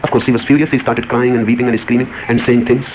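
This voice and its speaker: A man's voice: mid-range voice, little pitch movement, fast talker, a little hiss or hum, rough recording. A man giving a spiritual discourse, retelling a parable with emphatic, repeated phrases. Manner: emphatic, repetitive, rising emphasis on key words. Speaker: spiritual speaker. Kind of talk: storytelling discourse.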